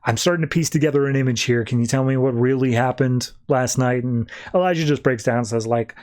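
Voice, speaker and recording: A man casually recapping a comic on a podcast, slipping into quick, loose character voices as he retells each scene. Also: medium pitch, a little mellow. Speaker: podcast co-host.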